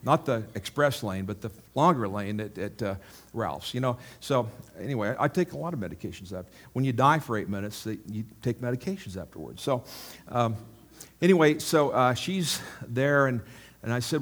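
A man preaching like he's telling a story over coffee, rambling and anecdotal, often asking the crowd if they're with him. His medium-pitched voice jumps louder on the punchlines and sinks low on the asides. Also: animated, moderate pace. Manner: rambling anecdotal delivery, checks in with the audience. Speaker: pastor. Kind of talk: conversational storytelling sermon.

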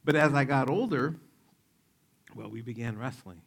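A man in his forties preaching a sermon, telling stories in an animated, joking way and acting out the quotes. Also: medium pitch, normal speed, creaky. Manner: animated, jokey, acts out quotes. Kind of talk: sermon with personal storytelling.

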